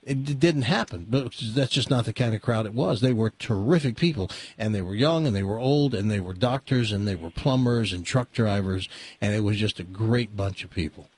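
Older male radio host, husky, dry close sound, chatty storyteller who laughs a lot. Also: on the low side, fairly quick, darkish tone, dry recording. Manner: chatty, laughs often, spins comic tall tales. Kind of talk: casual radio chat and storytelling.

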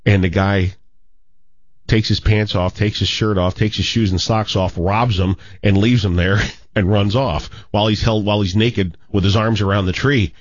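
A man hosting a radio show, telling long jokes in a rambling, animated way in casual banter, on a dull lo-fi recording. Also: fairly low pitch, moderate pace, no echo. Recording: dull lo-fi radio studio sound.

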